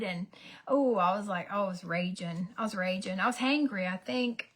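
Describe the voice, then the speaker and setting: A woman, telling a story as a casual get-ready-with-me vlog, dramatic and animated, sometimes dropping to a whisper. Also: mid-range voice, fairly quick. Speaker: beauty vlogger.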